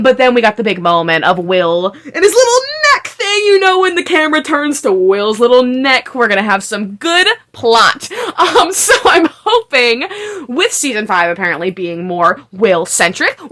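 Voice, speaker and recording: Bright-voiced young woman ranting. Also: fairly high pitch. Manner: frustrated, swearing, many fillers. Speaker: video creator. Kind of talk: ranting vlog review.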